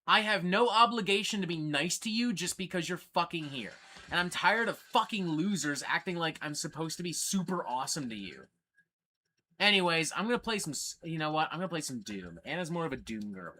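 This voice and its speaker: A man's voice: a little high, a little fast, a little hiss or hum. Foul-mouthed ranting male stream host. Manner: profane, blunt and ranting; excitable while showing records. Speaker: metal channel host. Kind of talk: livestream casual chat.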